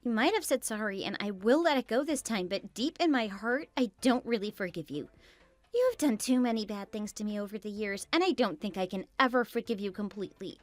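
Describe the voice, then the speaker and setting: A woman voicing a wife in a text message story, calm and reproachful. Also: mid-range voice, fairly quick, no echo.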